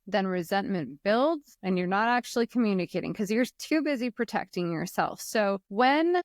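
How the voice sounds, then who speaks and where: A woman of medium pitch hosts a podcast conversation in an earnest, affirming tone. Her voice is recorded close and dry, with no room echo. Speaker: podcast host.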